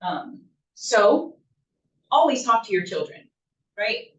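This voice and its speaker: A woman's voice: a little high, very animated, takes it slowly, a bit bright. A woman presenting a talk to a group of parents, speaking conversationally and often checking in with "right?". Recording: roomy, distant, dull lo-fi room sound.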